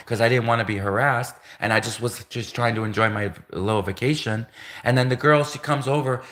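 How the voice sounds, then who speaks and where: A man's voice: medium pitch, fairly bright tone. A man on a livestream telling a grievance story in a rambling, repetitive way, sounding aggrieved.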